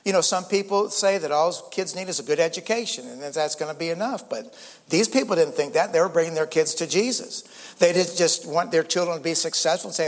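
A man's voice: fairly high pitch, a little fast, big-room sound. An older man preaching a sermon as pastor, earnest, often repeating words and rising for emphasis. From United States.

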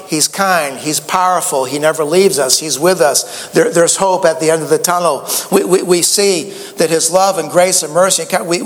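High-voiced preacher in a reverberant hall. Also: male voice. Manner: folksy, storytelling preacher with stammered restarts. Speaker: pastor. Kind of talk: sermon.

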